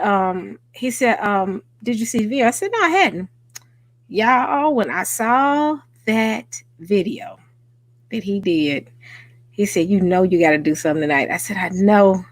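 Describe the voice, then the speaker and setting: A woman with a Southern US accent hosting a casual livestream, excitable and chatty though tired after a workday. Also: mid-range voice, no room sound. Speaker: livestream host. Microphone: home microphone.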